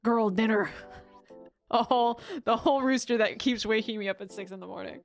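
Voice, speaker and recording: A woman's voice: fairly high pitch, a little fast, faint music behind. A young woman streamer in a casual chat, talking freely, swearing and laughing often.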